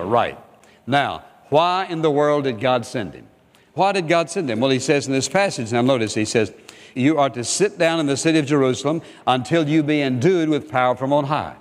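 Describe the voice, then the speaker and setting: Older preacher in an echoing hall. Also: male voice, a little high, animated, a little fast. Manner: emphatic, repetitive preaching with direct questions to the congregation. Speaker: pastor. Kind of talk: sermon.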